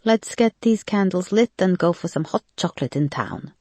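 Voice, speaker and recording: A woman voicing a Slovak younger sister who gently comforts her grieving sibling in an audiobook. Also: on the low side, expressive, normal speed, dry recording, voice pushed up. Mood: soothing.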